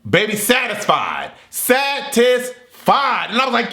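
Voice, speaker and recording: Animated man reviewing a movie, echoey room. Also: extremely high pitch, unhurried, hardly any pauses. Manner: animated and excitable, acts out his reactions and yells at the screen. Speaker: movie reviewer, channel host. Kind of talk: casual movie review vlog.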